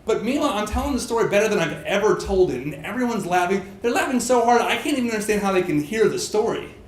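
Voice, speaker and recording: A man telling a true personal story on stage, animated and self-mocking, laughing through his lines. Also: high voice, fast talker. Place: stage in a pub. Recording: echoey live room, faint crowd noise.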